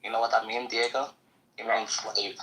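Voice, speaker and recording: Guy on a debate panel, kinda low voice, blunt and sweary, keeps pressing his point. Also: flat delivery, moderate pace, sharp tone, slight background noise, poor audio. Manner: blunt, profane, insistent. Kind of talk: heated debate.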